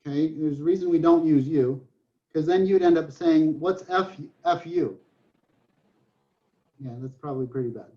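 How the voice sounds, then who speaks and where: Teaching math online, this high-voiced professor moves briskly, cracking jokes and spinning stories as he solves problems, often restarting his chatty sentences. The lecture comes through a computer mic on a video call, sounding dull and lo-fi.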